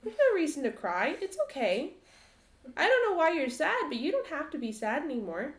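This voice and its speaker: A woman voicing a small boy who gently comforts someone who is crying. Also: high-pitched, very animated, moderate pace, voice pushed up. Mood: soothing. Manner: soft, soothing. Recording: roomy echo.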